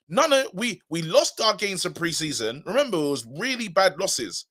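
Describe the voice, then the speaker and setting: Casting: animated male fan co-host, fairly high, bright voice. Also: normal speed, few pauses, husky. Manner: animated, emphatic, repeats himself. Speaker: co-host of a football fan show. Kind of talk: casual live-stream chat.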